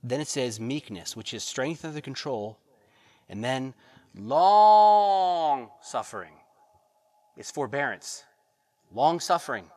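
A pastor preaching a sermon, reading verses and pressing the congregation with rhetorical questions and repeated phrases. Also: male voice, mid-range voice, lively intonation, a little slow.

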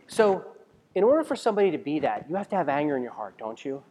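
A fast-talking pastor with a mellow, higher-than-average voice and big pitch swings preaches in a conversational way. He questions the congregation and restarts sentences often, and a large hall adds long reverb.

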